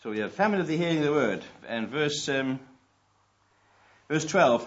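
A man's voice: on the high side, expressive, normal speed, pauses often, lo-fi sound. A man preaching a sermon to his congregation, talking in a conversational way that swells into emphatic stresses.

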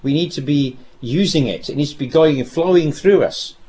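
A man preaching a sermon, telling a scripture story with dramatic pauses and repeated phrases. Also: a little high, dark tone.

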